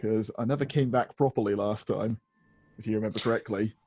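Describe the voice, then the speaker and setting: A man, a player in a tabletop game, chatting casually and exclaiming with excitement. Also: on the low side, brisk, breathy edge, soft background music. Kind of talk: casual chat.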